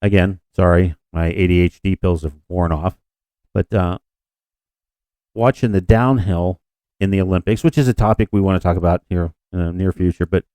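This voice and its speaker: A man's voice: deep voice, moderate pace, mellow, no room sound. A man co-hosting a podcast in casual chat, rambling and self-deprecating with frequent restarts. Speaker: podcast co-host.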